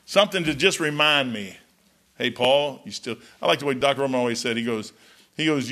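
A man's voice: medium pitch, brisk. A man preaching a folksy, storytelling sermon as pastor, peppering his talk with "man". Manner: folksy, storytelling, animated, says "man" often.

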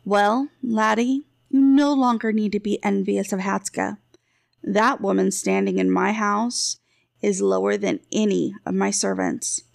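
A stern, grieving male chieftain, as a woman narrator acts him out, drawing each word out slowly and coldly. The voice is gravelly and low-key, recorded close and dry. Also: steady tone, no echo. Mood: scornful. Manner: slow, measured and cold.

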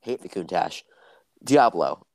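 A man's voice: sits low, lively intonation, slow pace, darkish tone, dry recording. A young man in casual podcast chat, teasing and quizzing his friend.

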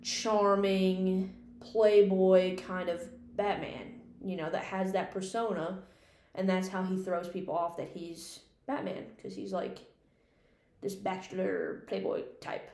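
Speaking slowly in a medium-pitched, level, slightly mellow voice, a woman hosts a casual podcast and rambles about movies as a film critic, cursing freely along the way. It's unscripted, recorded in an echoey room with a faint hum.

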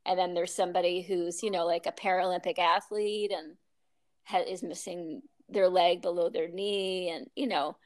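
A woman's voice: lowish voice, fairly even intonation, moderate pace. A woman yoga teacher telling stories in a casual interview, chatty, laughing often, with many ums and restarts.

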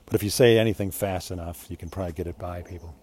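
A man's voice: low-pitched, fairly even intonation, rapid-fire, a little mellow. A middle-aged man casually telling a rambling, self-deprecating personal anecdote, chuckling between lines. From United States. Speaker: storyteller.

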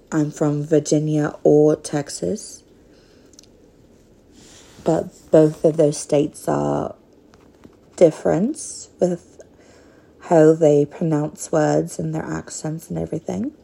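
A woman in her thirties with a Northern Minnesotan accent hosts a casual solo podcast. Her voice is mellow and dark, with a gravelly edge. She talks very slowly and hesitantly, with frequent pauses. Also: sits low, flat delivery, rough recording. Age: 30s. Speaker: podcast host.

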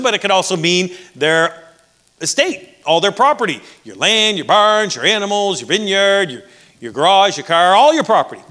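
A man's voice: high-pitched, pushed and bright. A man with a Canadian accent preaching a sermon as pastor, conversational with dry jokes.

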